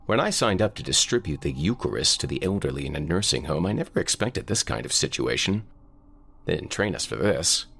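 A man narrating a first-person horror story in a measured, deliberate way. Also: very deep voice, lively intonation, creaky, a bit bright, slightly rough. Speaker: voice actor narrator.

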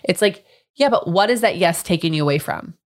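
A woman's voice: lowish voice, expressive, a little fast. A woman in her thirties co-hosting a podcast, talking in a frank, upbeat way and swearing casually. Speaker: podcast co-host.

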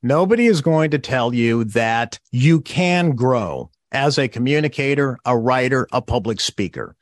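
A man's voice: mid-range voice, expressive, unhurried. A man who is an author, giving a podcast interview and explaining his points with emphasis, acting out the phrases he quotes.

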